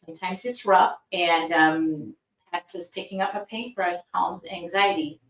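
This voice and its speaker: A woman's voice: on the low side, steady tone, a little slow, distant mic. A middle-aged woman art teacher chatting casually on a livestream, reading out viewer comments with effusive thanks. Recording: roomy sound from away from the mic.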